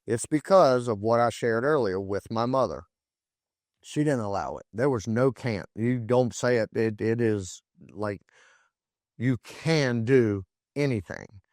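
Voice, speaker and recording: A man's voice: medium pitch, lively intonation, measured pace, a little mellow, no echo, studio quality. A man in his forties hosting a solo podcast, talking emphatically with frequent restarts and repeated words. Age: 40s. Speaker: podcast host.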